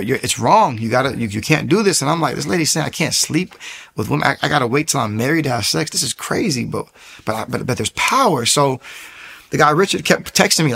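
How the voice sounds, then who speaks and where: A man's voice: medium pitch, vocal fry, pushed and bright, husky. A man telling his personal faith testimony in a casual, storytelling way, acting out the voices of people he quotes and often repeating words as he goes. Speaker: testimony speaker.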